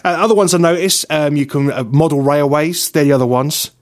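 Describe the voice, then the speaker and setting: A man co-hosting a radio talk show, chatty and quick to laugh while telling stories. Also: on the high side. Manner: chatty, laughs often, lively storyteller. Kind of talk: casual banter.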